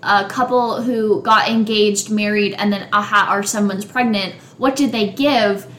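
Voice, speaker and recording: A woman's voice: steady tone, measured pace, a bit bright. A woman in casual chat, recapping a reality show with lots of filler words. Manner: gossipy recapping, heavy "like" fillers. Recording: echoey room, faint rumble.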